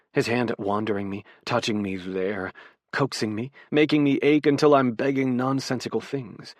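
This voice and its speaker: A man narrating a first-person romance audiobook in a soft, intimate, unhurried way, close to a studio mic in a recording booth. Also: mid-range voice, no echo.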